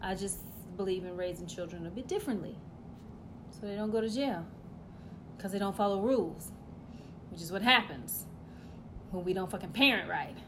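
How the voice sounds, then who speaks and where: A woman delivering a profane comedic rant, loud and blunt, swinging between shouting and muttering asides. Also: medium pitch, expressive, normal speed, pauses often, slight background noise.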